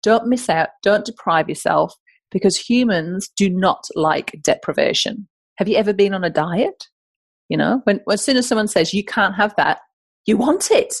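A woman with a northern English accent hosting a podcast, talking in a chatty, animated way and correcting herself as she goes. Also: medium pitch, moderate pace, creaky, breathy edge, no echo. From north of England. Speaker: podcast host. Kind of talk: casual podcast monologue.

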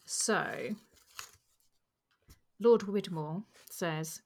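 A woman's voice: deep voice, steady tone, normal speed. A woman co-hosting a book podcast, chatting casually with fillers. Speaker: podcast co-host.

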